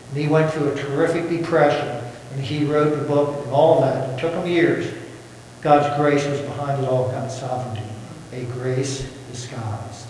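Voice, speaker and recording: Pastor preaching in an echoey hall. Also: male voice, on the high side, a little mellow, slight background noise. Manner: folksy, asks the congregation questions. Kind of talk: sermon. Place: church sanctuary. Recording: echoey church hall from far off.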